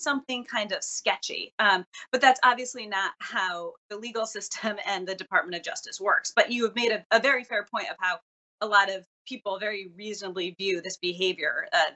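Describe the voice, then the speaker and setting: A woman reporter explaining her reporting in an interview, articulate and brisk, sometimes correcting herself mid-sentence. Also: medium pitch, bright, forceful tone. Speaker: news reporter. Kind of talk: news interview answers.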